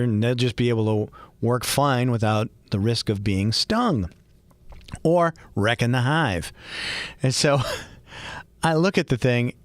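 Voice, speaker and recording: A middle-aged man with a Boston accent hosts a podcast, telling a personal story in a chatty, laughing way. His voice sits in the mid-range, and the recording has no echo. It's a casual podcast monologue.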